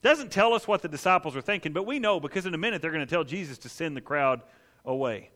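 A man preaching a sermon as pastor, telling the story with animated, playful asides, in a church. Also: a little high, fast. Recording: echoey hall.

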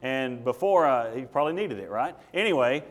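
A man's voice: medium pitch, animated, a little fast, long reverb tail. A man preaching a sermon as pastor, folksy in his stories and emphatic when he drives a point home.

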